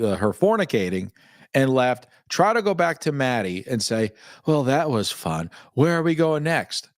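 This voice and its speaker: A man's voice: medium pitch, no room sound, studio quality. A man hosting a casual live stream who chats candidly, laughs often and greets viewers by name as he reads their comments. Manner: frequent laughs and fillers, candid. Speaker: host.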